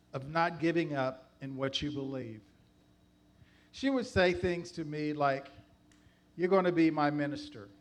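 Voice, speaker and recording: A man giving a spoken church testimony, measured and heartfelt, speaking slowly and deliberately. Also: fairly high pitch. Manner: slow, heartfelt, measured delivery.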